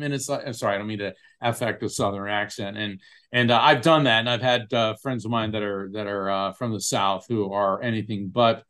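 A man's voice: on the low side, fairly quick. A man, a guest on a podcast interview, telling stories animatedly and acting out the voices of people he quotes. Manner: animated storyteller who acts out quoted voices. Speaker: guest, medium and lawyer.

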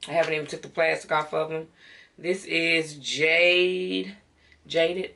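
A woman's voice: sits low, fairly even intonation, measured pace, gravelly, sharp tone, far from the mic. A middle-aged woman with a Southern American accent, chatting casually to her viewers in a home beauty haul vlog. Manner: chatty, talks straight to viewers as y'all. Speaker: beauty vlogger.

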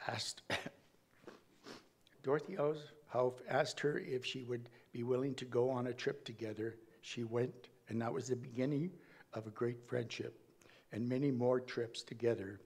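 A man giving a eulogy in a church, reading from notes at a measured pace with small slips and restarts. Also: mid-range voice, darkish tone. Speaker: family member giving a eulogy.

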